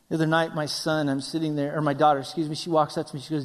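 A middle-aged man preaching a sermon, acting out quoted voices and swinging between loud, urgent passages and hushed near-whispers. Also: on the high side, level tone, rapid-fire, few pauses. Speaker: pastor. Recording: long reverb of a large hall.

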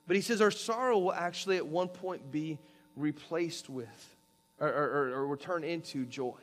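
A man's voice: on the high side, moderate pace. A man preaching a sermon, reading scripture aloud and walking listeners through the verses in an earnest, instructive way. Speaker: pastor.

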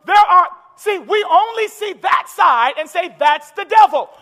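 A man preaching a sermon in a church, building to impassioned shouted climaxes. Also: very high voice, lively intonation, a little slow. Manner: impassioned, shouting climaxes with call-and-response urgency. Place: large church hall with congregation. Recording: echoey church hall with crowd.

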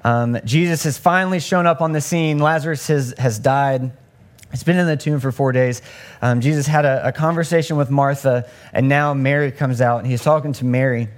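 A young man giving a casual, conversational sermon and acting out the voices in the story. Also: moderate pace. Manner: conversational, acts out the story's voices with rising pitch. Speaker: preacher.

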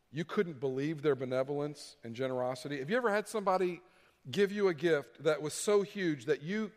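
In a large hall, a man with a fairly high-pitched voice delivers a sermon as pastor, stressing key phrases by repeating them and acting out what people would say.

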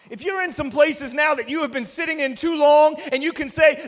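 A male preacher delivering a sermon emphatically, often raising his voice to a shout. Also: very high voice, lively intonation, moderate pace, creaky, hardly any pauses. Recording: reverberant hall.

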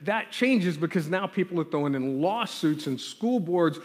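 A man telling a lively childhood story in a sermon and then leading a prayer, acting out the scenes as he goes. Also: fairly high pitch, normal speed. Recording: long hall reverb.

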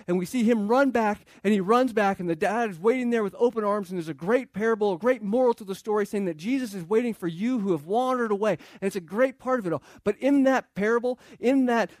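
Casting note: male pastor, high voice, dry close sound, casual sermon delivery in a church. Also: darkish tone, no room sound. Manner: conversational, acts out quoted voices.

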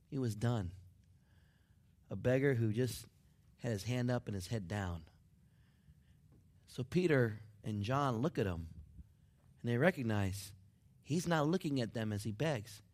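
A man preaching a sermon, dropping to near whispers and building up to excited shouts. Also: medium pitch, unhurried, long pauses. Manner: dramatic swings from hushed to shouting. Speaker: pastor.

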